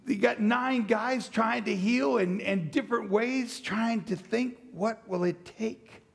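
Taking his time, a pastor with a gravelly, slightly husky voice that sits high reads a passage of scripture. He then retells it deliberately, adding playful asides and voicing the people in the story.

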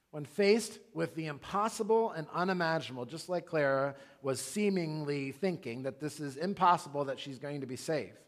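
A man in his thirties, a pastor, preaching a sermon in a conversational, animated way with casual asides. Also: a little high.

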